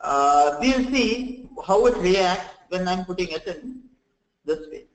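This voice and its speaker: A man running a live software training session, explaining step by step, often saying "okay" and "friends" and restarting sentences. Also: high voice, animated, takes it slowly, echoey room, rough recording.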